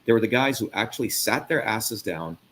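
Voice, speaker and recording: A man's voice: on the low side, expressive, fairly quick, fairly bright tone, a little hiss or hum. Profane, fired-up man hosting an interview. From India. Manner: emphatic, profane, mocking put-on voices. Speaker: host. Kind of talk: heated live interview.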